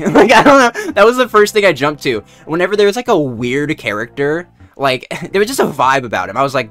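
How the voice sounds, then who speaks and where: Male streamer, casual storyteller, lively swings in pitch, quick to laugh. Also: soft background music. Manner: laughs often, swears freely, lively. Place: his room at home.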